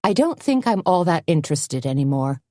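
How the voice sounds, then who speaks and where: A woman voicing a calm, level-headed café owner in an audiobook, speaking evenly and dryly. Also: deep voice, no room sound. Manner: even, dry and measured.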